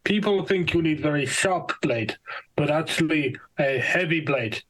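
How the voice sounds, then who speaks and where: A man doing an impression of a Russian president, speaking flat broken English with menacing dark humour. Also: fairly high pitch, measured pace, low-quality recording. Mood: deadpan.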